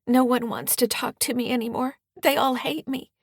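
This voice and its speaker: A woman voicing a distraught teenage girl who talks in a high-pitched, tearful wail. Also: fairly even intonation, moderate pace, husky, no room sound, studio quality. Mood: weepy.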